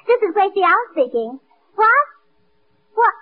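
A woman comedian in a 1940s radio comedy, scatterbrained, breathless and excitable. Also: very high voice, normal speed, pauses often. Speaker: comedian, co-host. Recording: tinny old radio broadcast.

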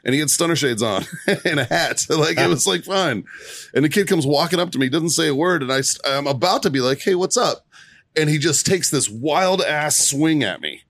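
This podcast co-host speaks on the high side and fairly quickly, captured in a dry recording. Chatting casually with friends, he gives an animated, profane retelling of a story and laughs often.

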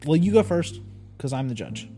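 A man's voice: fairly high pitch, sing-song, moderate pace, dark tone. A man co-hosting a podcast, chatting casually with rambling, jokey, self-interrupting asides. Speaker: podcast co-host. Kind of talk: casual banter. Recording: music playing underneath.

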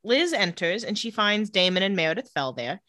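A woman co-hosting a casual chat, retelling scenes with a laugh and lively quoted lines. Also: mid-range voice, normal speed, no room sound, clean studio sound. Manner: animated, laughs often, acts out quotes. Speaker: podcast co-host recapping a TV episode.

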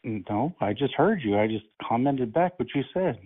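A man making a prank call, calmly feigning innocence and mocking the other side. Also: mid-range voice, normal speed. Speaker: prank caller. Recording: tinny phone line.

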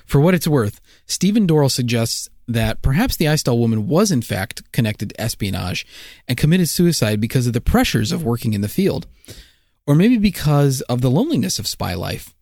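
A man's voice: medium pitch, normal speed, dry recording. A man co-hosting a chatty podcast, his voice rising and falling a lot as he tells the story. He slips jokes in between facts, and the recording is close and dry. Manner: jokey, lively storytelling. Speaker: podcast co-host. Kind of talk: casual joking podcast chat.

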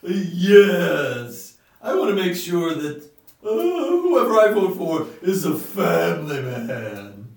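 A man putting on a loud, eager male voter calling out from the back of a crowd. His voice is raised and high. The room is echoey and the mic is far away. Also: huge pitch swings, takes it slowly, creaky, full character voice. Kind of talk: improvised comedy acting.

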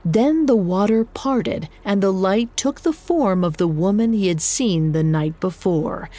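A woman narrating a folk tale in a measured, even scripted reading. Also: medium pitch. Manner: measured, even storytelling delivery. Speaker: storyteller.

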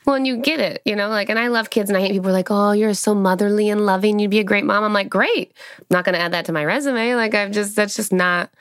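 A woman guest on a casual chat podcast, telling stories in a lively way, acting out quoted lines and often saying "like". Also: medium pitch, quick pace, clean tone, dry recording, studio quality. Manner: animated storyteller acting out quotes with filler "like".

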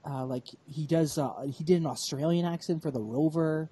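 A man co-hosting a podcast, talking about films in a relaxed, thoughtful way. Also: on the high side, normal speed, a loud crowd. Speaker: podcast host. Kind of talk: casual film chat.

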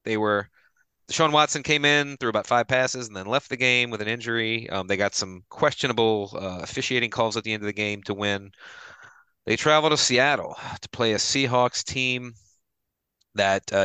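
A man hosting a casual sports podcast, running briskly through the week's matchups with loose, profane banter. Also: lowish voice, sharp tone, clean tone, dry recording. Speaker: podcast host reading the game lines.

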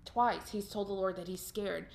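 A woman's voice: mid-range voice, steady tone, normal speed, gravelly, a little hiss or hum. A woman with an ordinary mid-range voice talks through a scripture story on a faith podcast. She retells it loosely, in her own everyday words, with plenty of ums and restarts. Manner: casual, retells with many ums and paraphrases. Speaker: podcast co-host.

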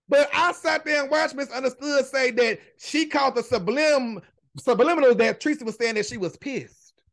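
A woman's voice: sits high, fairly quick. A woman hosting a podcast, giving casual commentary in an emphatic, heavily profane rant that stretches out her swear words. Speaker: podcast host.

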